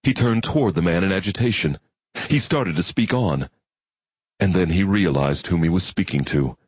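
A man reads a novel aloud in a measured, reflective way. His voice sits very low and husky, and the recording is close and dry. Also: lively intonation, no room sound. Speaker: narrator. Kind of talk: audiobook narration.

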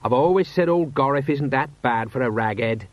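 A man's voice: a little high, lively intonation, moderate pace, no room sound, pitched above the performer's own voice. Male reader doing a raised, rambling city-watch sergeant, homely, dull recording. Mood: cheerful. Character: slow-witted, worried middle-aged male sergeant. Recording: dull, slightly lo-fi.

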